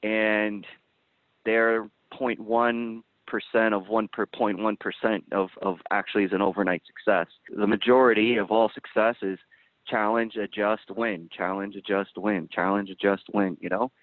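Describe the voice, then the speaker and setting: This man, a panelist on a casual podcast roundtable, has a fairly low voice with fairly even intonation and an unhurried pace. He talks animatedly and performs the voices of people he quotes. The audio sounds tinny and dry, like a phone line.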